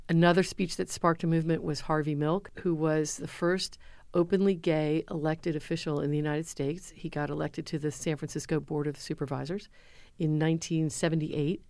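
A middle-aged woman, a former speechwriter and lecturer, answering interview questions and telling lively stories. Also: sits low, normal speed, no echo. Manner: animated storyteller, acts out quotes.

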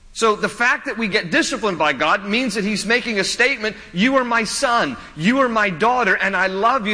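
A man's voice: on the high side, sharp tone. A man preaching a sermon as a pastor, emphatic and repeating key lines, with humorous storytelling asides. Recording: long reverb of a large hall.

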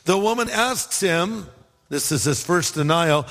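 Long hall reverb surrounds a man with a high-pitched voice speaking a little slowly. He's a pastor delivering a sermon, animatedly telling a humorous story, voicing the people in it, and tossing in humorous asides.

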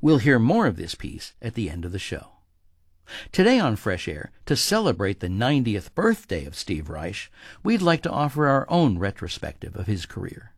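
A man hosting a radio show, reading a scripted introduction in a clear, measured way. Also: on the low side, wildly swooping pitch, dry recording, studio quality. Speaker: radio host.

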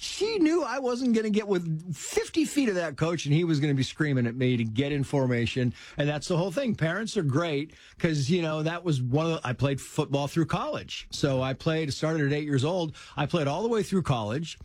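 A middle-aged man telling stories from his life in casual conversation, animated and quick to act out what people said. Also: on the high side, no echo, studio quality. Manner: animated storyteller who acts out quotes in a raised voice.

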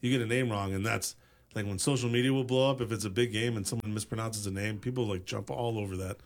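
A man's voice: fairly low pitch, steady tone, fast. A man who works as a play-by-play announcer, co-hosting a sports talk show with chatty, friendly banter.

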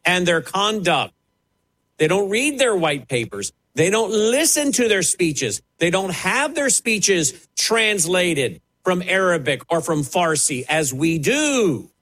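Brief: male TV preacher, slightly higher voice, very animated swoops, emphatic sermon delivery. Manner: emphatic, dramatic preaching with sharp rises and falls. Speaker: television preacher.

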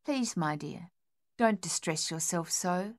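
A woman voicing a gentle, anxious wife who speaks softly and placatingly, in an audiobook. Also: on the low side, moderate pace, natural voice. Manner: soft, placating.

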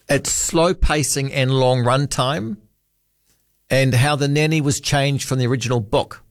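Speaking into a studio microphone in a radio studio, a man with a New Zealand accent rambles casually on late-night talkback and reads listener texts aloud. His voice is medium in pitch, and the sound is clean and echo-free.

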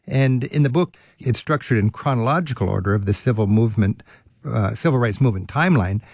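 A man's voice: medium pitch, gravelly, husky, dry recording, clean studio sound. A man hosting a radio travel show, interviewing a guest in an eager, conversational way. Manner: enthusiastic, conversational questioning.

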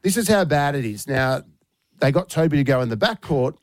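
A man with an Australian accent, chatting on the radio in a slightly high voice. He tells a story with lots of life and acts out the voices in it. The studio sound is dry and close. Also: a little fast, no room sound. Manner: animated, acts out quoted voices. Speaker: radio host. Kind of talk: casual radio chat, storytelling.

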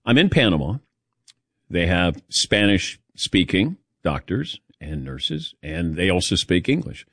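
Man telling animated stories on sports radio. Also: deep voice, unhurried, vocal fry, breathy edge, no room sound, studio quality. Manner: animated storyteller, acts out quotes. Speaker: radio show host. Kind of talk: casual sports radio chat.

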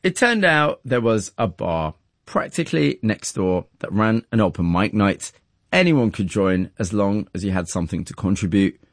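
A man narrating a documentary and asking interview questions in a measured, even delivery. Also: fairly low pitch, no echo, clean studio sound.

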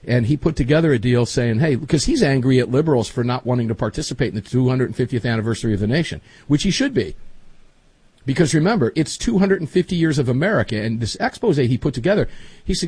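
A man's voice: mid-range voice, animated, fast talker, a little mellow, slightly rough, dry recording. A middle-aged man hosting a podcast, chatting casually and rambling with emphatic asides. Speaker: podcast host. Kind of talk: casual chat.

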